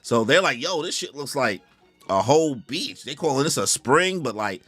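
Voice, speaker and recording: Brief: male host recapping a story in a lively, slangy voice, mid-pitched. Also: moderate pace, breathy edge, faint music behind. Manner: excitable, slangy, acts out character voices. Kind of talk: casual reaction commentary.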